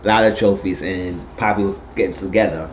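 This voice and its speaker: A man giving a casual, animated spoken recap of a TV episode, retelling scenes and quoting the characters. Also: deep voice, fairly quick. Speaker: TV recap host. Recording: dull lo-fi recording with faint noise.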